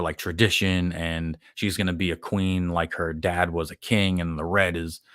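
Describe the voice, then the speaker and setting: This is a man with a deep, low voice hosting a live podcast. He recaps a show in a loose, rambling way, full of fillers and casual profanity. The sound is dry and close, with no room around it. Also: a bit bright, dry recording. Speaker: podcast host.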